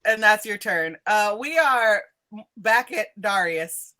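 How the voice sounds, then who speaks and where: Woman gm, bright voice, loosey-goosey rambly narration. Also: mid-range voice, lively intonation, slow pace. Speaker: game master. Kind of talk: casual tabletop narration.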